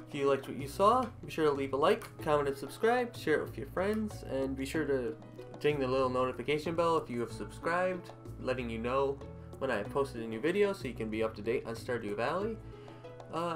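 A man hosting his own gaming channel, chatting casually and thinking aloud as he plays, with faint game music underneath. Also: medium pitch. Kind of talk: casual gameplay commentary.

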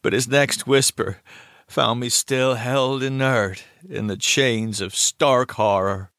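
Slow gravelly male horror narrator. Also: medium pitch, a bit bright, no room sound, clean studio sound. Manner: grave, deliberate storytelling with dramatic pauses. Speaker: audiobook reader.

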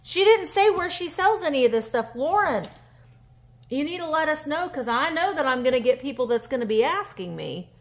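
A woman, chatting casually on a handheld phone vlog as she reads fan mail and opens a gift, emotional and gushing with breathy gasps. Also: sits high, sing-song, normal speed. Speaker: vintage reseller vlogger. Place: indoors at a table. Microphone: handheld phone camera.

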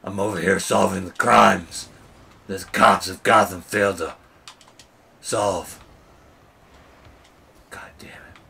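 A man voicing Batman while streaming a game, gruff, boastful and swearing. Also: sits low, fairly even intonation, slow, long pauses, sharp tone, slight background noise, full character voice. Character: gravelly growling male Batman, brooding and tough. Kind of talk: streaming gameplay in character.

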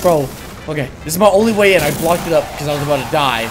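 Excitable woman yelping through gameplay. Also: low-pitched, quick pace, music in the background. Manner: excitable, yelps and shouts at in-game sounds. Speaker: gaming video host. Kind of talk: excitable let's-play commentary.

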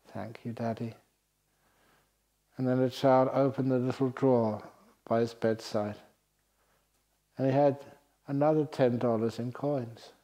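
Laughing monk telling stories. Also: male voice, medium pitch. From England. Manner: laughing often, lively storytelling with voiced quotes. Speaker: Buddhist monk teacher. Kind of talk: storytelling dharma talk. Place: retreat centre hall.

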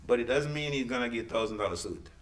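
Animated preacher in an echoey church. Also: male voice, mid-range voice, rapid-fire. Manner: lively, folksy preaching with sudden loud peaks and hushed asides. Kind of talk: sermon.

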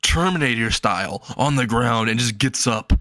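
A man's voice: mid-range voice, animated, moderate pace, pushed and bright, no room sound. A man casually narrating a fan story, chuckling at his own jokes with loose, rambling phrasing. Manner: casual, laughs at own jokes, repetitive fillers.

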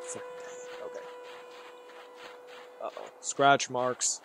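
A man's voice: medium pitch, animated, unhurried, soft background music. A man giving rambling commentary while playing a horror game, talking to himself and reacting aloud. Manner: rambling, jittery, talks to himself. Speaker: gaming YouTuber.

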